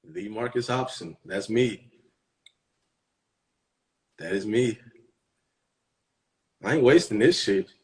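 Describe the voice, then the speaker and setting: A man in his thirties talking to his viewers in a casual live-stream monologue, profane and boastful, swinging between loud bursts and hushed asides. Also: fairly low pitch, expressive, slow, long pauses.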